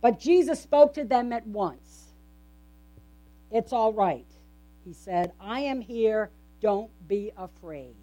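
A woman pastor's conversational sermon unfolds at a slow pace with long pauses. Her fairly high voice is expressive and mellow. She often turns to the congregation with rhetorical questions.

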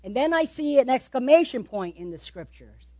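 A woman preaching a sermon, animated, repeating words for emphasis and asking the listeners questions. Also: high voice, moderate pace, no room sound.

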